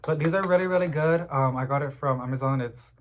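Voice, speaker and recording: A young man chatting casually at home about plants he is unboxing, rambling and getting excited as he goes. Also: fairly high pitch, quick pace. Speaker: plant vlogger.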